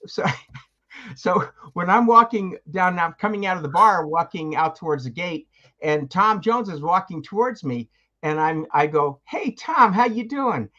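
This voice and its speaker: Older male veteran, rambling storyteller, slightly high voice, dull lo-fi recording. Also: normal speed, sharp tone. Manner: rambling anecdotes, acts out quoted voices. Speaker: guest, veteran. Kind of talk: casual storytelling.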